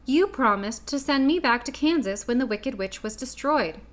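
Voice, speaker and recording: An earnest, insistent young girl questions a fraud wizard, her voice lifted higher than the narration, as a woman reading a storybook puts her on. She speaks up clearly and boldly. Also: lively intonation, normal speed.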